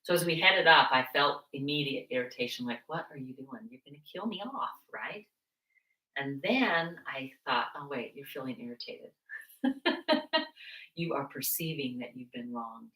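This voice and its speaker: A woman's voice: very deep voice, sharp tone. A woman yoga instructor guiding a seated chair class, chatting about her own stories between movement cues. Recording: echoey room, mic at a distance.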